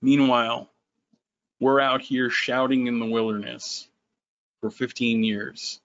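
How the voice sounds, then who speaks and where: A man who founded a company, running a sales webinar in an animated, sarcastic way. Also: dry recording, lo-fi sound. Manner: animated, sarcastic, quick swings in pitch.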